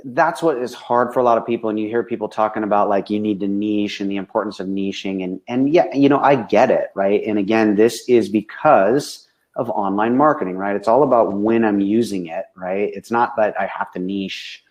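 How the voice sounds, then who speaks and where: A man's voice: fairly low pitch, moderate pace, darkish tone, highs cut off. A man, a business coach, speaking frankly and with animation in casual conversation, tagging nearly every sentence with a questioning "right?".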